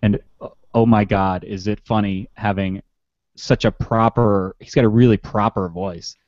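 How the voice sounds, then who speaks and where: A man's voice: on the low side, steady tone, moderate pace, darkish tone, dry recording, dull audio. A man co-hosting a podcast, joking and talking casually. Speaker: podcast co-host.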